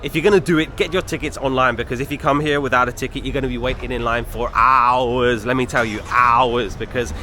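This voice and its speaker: A young man walks through a city with a handheld camera, chatting easily to his viewers as he goes. His voice sits at a middling pitch with a relaxed, conversational flow. A faint hum of street traffic stays underneath. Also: brisk, hardly any pauses. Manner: chatty and easygoing, addresses viewers directly. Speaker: travel vlogger. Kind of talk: casual walking vlog narration. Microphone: handheld camera while walking. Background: faint street and traffic noise.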